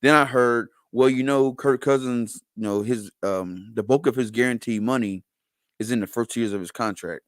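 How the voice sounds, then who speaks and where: A man joins a casual sports podcast over a remote call, speaking at an ordinary pitch. The sound is dry and close, and he rambles and swears as he talks. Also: moderate pace, no room sound, rough recording. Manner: animated, rambling, profane. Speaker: podcast co-host.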